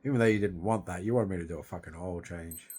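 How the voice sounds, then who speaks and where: A man's voice: sits low, quick pace, a little mellow, a little hiss or hum. Sweary Australian man venting. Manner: sweary, rambling, agitated. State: grieving, distressed. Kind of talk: angry venting monologue.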